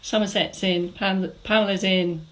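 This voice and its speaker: A woman's voice: mid-range voice, steady tone, measured pace, fairly bright tone, poor audio. A middle-aged woman from England leading a live online exercise class, chatting through viewer comments and giving encouraging cues. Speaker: fitness instructor.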